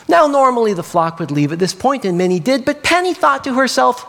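A man telling a children's story as a sermon, animated and playful, adding sound effects. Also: very high-pitched, a little fast, creaky, few pauses, in a large hall.

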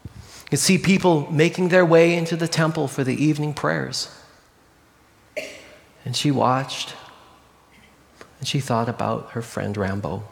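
Hushed, expressive male storytelling preacher. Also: on the high side, a little slow, gravelly, pauses often, in a large hall. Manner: expressive, often dropping to a hushed voice. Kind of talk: storytelling sermon.

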